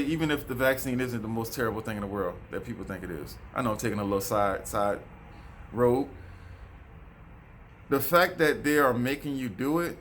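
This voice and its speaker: A man's voice: medium pitch, fairly bright tone, a little hiss or hum. A man, giving a preachy, repetitive vlog monologue and calling his viewers folks. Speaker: vlogger. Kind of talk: casual monologue to camera. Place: outdoors near a road.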